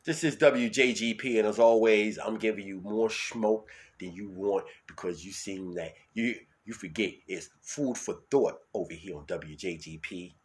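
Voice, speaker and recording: A man with a New York accent hosting his own solo podcast, talking loud and hyped, then dropping to a mutter. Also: fairly low pitch, normal speed. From New York City. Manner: loud, hyped, swings between shouting and mumbling. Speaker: podcast host.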